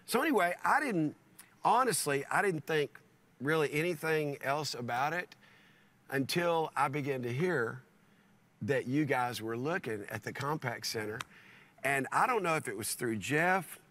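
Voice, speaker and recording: Middle-aged man, pastor, lively storyteller, bright forceful tone, slightly higher pitch; often restarts lines. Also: moderate pace. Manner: animated, repeats words and restarts often. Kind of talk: storytelling in a conversation.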